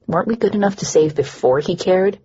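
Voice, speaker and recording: A resentful changeling woman with a curt, sarcastic bite, voiced by a woman narrating. Her voice sits low and husky. The audiobook recording sounds dull and lo-fi. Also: fairly quick, warm tone. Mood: bitter. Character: bitter sarcastic changeling woman mine worker.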